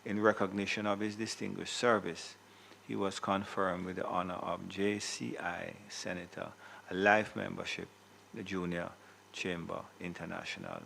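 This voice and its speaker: A Jamaican man presiding over a senate sitting, giving a measured formal tribute with occasional self-corrections. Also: low voice, little pitch movement, gravelly, fairly bright tone, slight background noise. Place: senate chamber.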